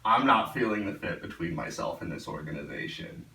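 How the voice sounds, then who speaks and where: A man answering pitches in a dry, wry, polite manner. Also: lively intonation, fairly quick, sharp tone, slight background noise. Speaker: fan hearing team pitches. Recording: roomy echo, mic at a distance.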